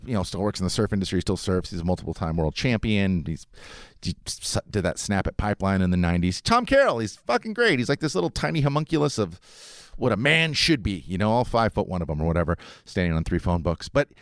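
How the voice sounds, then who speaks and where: A man's voice: fairly low pitch, big pitch swings, fast, no room sound, studio quality. A man hosting a podcast, ranting in a casual, rambling, sarcastic way and swearing often. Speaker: podcast host.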